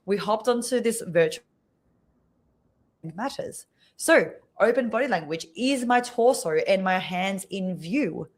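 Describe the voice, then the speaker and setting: A woman speaking coach, a podcast guest on a video call, explaining clearly and showing examples with her voice. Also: mid-range voice, measured pace. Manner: expressive, demonstrates voices while teaching.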